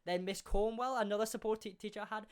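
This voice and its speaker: A young man, hosting a podcast and telling a school story in a casual, animated way, full of swearing and acted-out quotes. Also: sits high, fast talker, clean tone. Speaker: podcast host.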